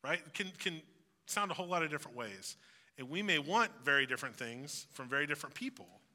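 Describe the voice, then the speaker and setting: Bright-voiced pastor in a reverberant hall. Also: male voice, on the high side, fast talker. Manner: relaxed, reflective, acts out everyday phrases. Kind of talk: conversational sermon.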